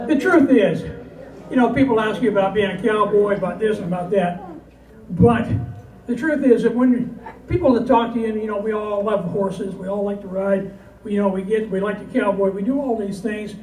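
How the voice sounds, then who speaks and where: A man's voice: sits high, moderate pace, darkish tone, slight background noise. A man performing as a cowboy poet before a live audience, telling jokes and reciting verse in a folksy storytelling manner. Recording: roomy hall from a distance.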